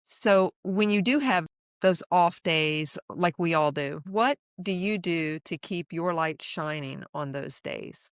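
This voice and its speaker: Co-host: admiring woman, lower and smooth voice, dry close mic. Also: slow pace, no room sound. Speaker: podcast co-host. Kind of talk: interview chat.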